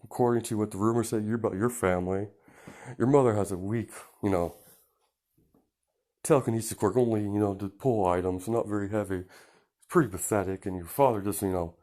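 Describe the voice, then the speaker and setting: A man's voice: lowish voice, fairly even intonation, a little fast, warm tone, close to an everyday voice. Man doing a sneering teenage bully. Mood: taunting. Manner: taunting, mocking.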